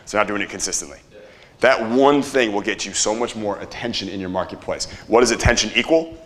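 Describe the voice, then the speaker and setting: A man's voice: lowish voice, fast talker, fairly bright tone. A man teaching a live seminar audience, casual and profane, quizzing the crowd and having them repeat after him. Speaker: marketing seminar presenter.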